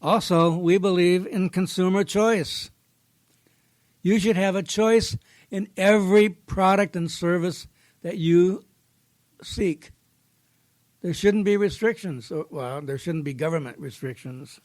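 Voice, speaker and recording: A man's voice: high-pitched, a little slow, a little mellow. Folksy man hosting a studio podcast. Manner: folksy, plainspoken, tells a fable with small quoted voices. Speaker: podcast host. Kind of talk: casual podcast talk with storytelling.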